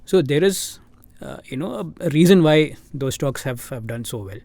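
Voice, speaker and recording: A man's voice: a little high, animated, normal speed, vocal fry, a little mellow, no room sound. A man with an Indian English accent, a fund manager answering interview questions in a thoughtful way, with many fillers and restarts.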